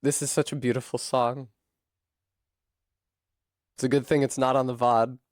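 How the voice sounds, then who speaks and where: A man's voice: medium pitch, little pitch movement, moderate pace, no room sound, clean studio sound. A man from Rhode Island chatting casually on a live stream, self-deprecating and swearing freely, with occasional coughing. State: coughing fits.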